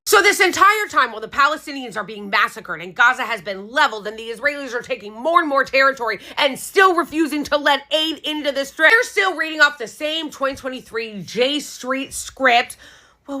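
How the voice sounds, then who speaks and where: A woman's voice: sits high, bright, forceful tone. A woman giving angry reaction commentary, ranting with heavy profanity. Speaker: political commentator.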